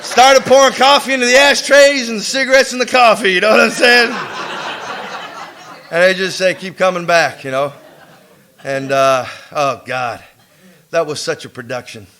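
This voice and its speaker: A man with a high, ringing voice tells a rough, slangy recovery story to a meeting crowd. He swears freely and acts out the lines people said to him. His tone stays bright and cutting. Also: moderate pace, a little hiss or hum. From United States. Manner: animated, acts out quotes with laughter. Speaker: AA speaker. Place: meeting room before an audience.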